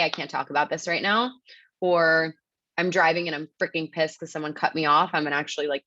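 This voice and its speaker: A low-voiced woman presents a relaxed, upbeat webinar as casual teaching, checking in with listeners often and sprinkling in "like" and "right?". Her voice is close and dry, coming through a dull, lo-fi video-call line.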